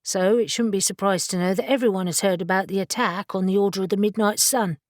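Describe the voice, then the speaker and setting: A woman's voice: medium pitch, steady tone, quick pace, no echo, studio quality, close to an everyday voice. A woman voicing a nonchalant, self-effacing man with an English accent who speaks politely and wryly. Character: nonchalant, rumpled Englishman, wry charmer.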